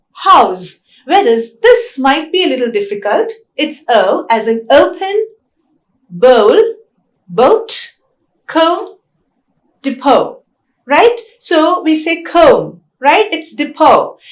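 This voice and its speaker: A woman giving a recorded phonetics lecture, slow and deliberate, often checking in with "right?". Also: high-pitched. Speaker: English lecturer.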